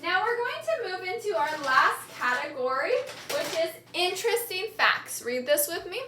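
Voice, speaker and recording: Woman, teacher, call-and-response lesson, high bright voice, echoey room. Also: lively intonation, slight background noise. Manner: slow, clear, repeating key words for learners to echo.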